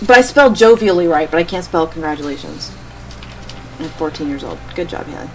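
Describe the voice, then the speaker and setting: A woman's voice: sits low, sing-song, a little fast, noisy background. Woman wryly reading her old story. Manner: wry, self-mocking asides between read passages. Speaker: streamer reading her old writing aloud. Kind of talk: comic read-aloud with asides.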